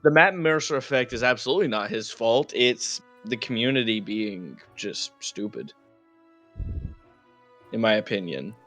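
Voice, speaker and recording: A man's voice: mid-range voice, lively intonation, normal speed, pushed and bright, faint music behind. A man chatting enthusiastically as a player in a tabletop game's setup session, laughing often. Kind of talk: casual chat before a tabletop game.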